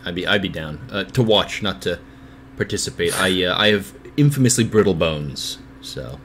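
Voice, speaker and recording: Give me a rambling, self-deprecating male co-host for a casual stream, his voice slightly deep. He keeps stumbling over his words and leans on fillers. A faint hum of ambience runs underneath. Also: moderate pace, fairly bright tone. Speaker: podcast host. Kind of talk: casual livestream chat.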